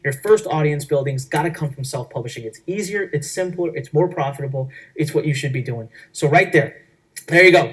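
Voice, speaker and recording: A man presenting a workshop, giving an energetic sales pitch in an emphatic, repetitive way. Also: breathy edge, recorded from a distance, rough recording. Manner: emphatic, repetitive, acts out quoted voices.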